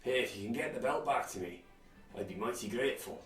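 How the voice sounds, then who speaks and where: A man putting on a loud gruff dwarf. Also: mid-range voice, normal speed, natural voice. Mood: gruff complaining. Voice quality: loud, attempted Scottish brogue. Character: grumbling male dwarf author, bold and chatty. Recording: roomy, distant mic, faint music.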